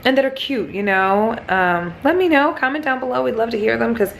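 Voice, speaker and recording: Speaking a little fast with a slightly high voice and some vocal fry, a pregnant young Midwestern woman talks to camera in a casual vlog. She's blunt and chatty, swears freely, and leans heavily on fillers, with slight background noise behind her.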